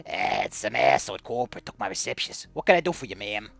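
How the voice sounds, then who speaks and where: A man's voice: medium pitch, animated, fast, creaky, a bit bright, no room sound, faint music behind, voice pushed down. A cheerful dwarf coroner, chummy and offhand, as a man voices him. His voice is dry and close to the mic.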